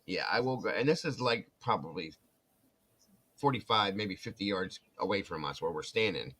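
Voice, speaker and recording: A man with a low voice that swings widely as he talks, telling a casual story and acting out the people in it. He jumps up into quoted voices and then drops back down into relaxed chat. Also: moderate pace. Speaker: co-host.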